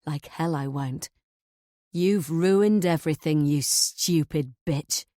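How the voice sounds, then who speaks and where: A woman's voice: low-pitched, slow, dark tone, dry recording, clean studio sound. Figure: a woman voicing a sneering cornered killer. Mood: sneering menace. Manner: sneering, snarling threats. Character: menacing middle-aged man, a cornered killer.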